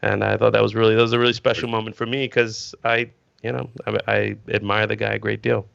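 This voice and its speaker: Gravelly guy comedian telling a story, dry lo-fi call audio. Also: on the low side, little pitch movement, fast, no room sound. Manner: eager, warm storyteller. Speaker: guest actor and comedian. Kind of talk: casual storytelling chat.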